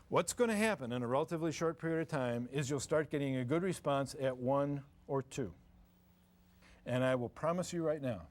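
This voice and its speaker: A man's voice: mid-range voice, darkish tone. An older man giving a folksy, joking parenting seminar to a live audience, acting out parents and kids. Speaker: parenting lecturer. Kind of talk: humorous live seminar talk.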